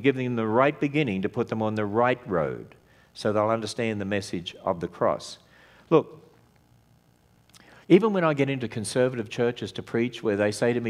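A man giving an emphatic sermon-style talk as a ministry speaker, asking rhetorical questions of his audience. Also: on the low side.

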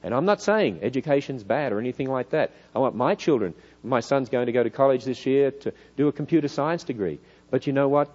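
A middle-aged man with an Australian accent, preaching in a church hall, lively and full of rhetorical questions. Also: mid-range voice, brisk, dull audio. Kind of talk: church lecture.

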